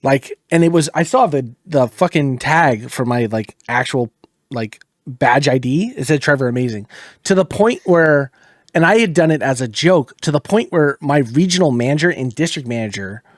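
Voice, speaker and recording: A man's voice: medium pitch, lively intonation, normal speed, no room sound, studio quality. A man co-hosting a casual gaming podcast, telling stories animatedly and swearing casually. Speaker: podcast co-host.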